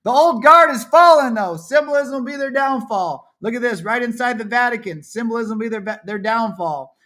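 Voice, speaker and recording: High, bright-voiced ranting male streamer. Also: lively intonation, moderate pace. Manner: swings from muttering to angry yelling, swears often. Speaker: livestream co-host. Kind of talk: ranting livestream commentary over shared images.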